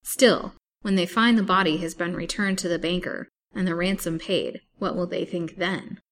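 A woman's voice: on the low side, steady tone, normal speed, fairly bright tone, a little hiss or hum. A woman voicing a stubborn, fierce old woman, a wicked wife who plots murder with grim resolve.

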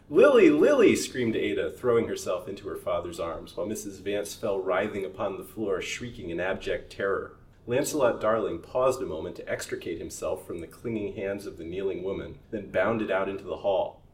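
Low-voiced man reading a story aloud. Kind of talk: reading a serialized novel aloud. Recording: roomy recording from a distance, faint hiss.

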